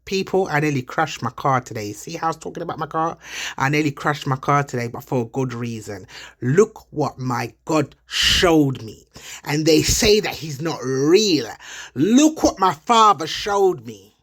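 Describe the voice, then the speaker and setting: A woman, preaching encouragement in an impassioned vlog. She talks emphatically and excitably, repeating her words as she records on a phone while out and about. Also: sits low, measured pace, no room sound. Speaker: online preacher. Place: out and about, in a shop and a car.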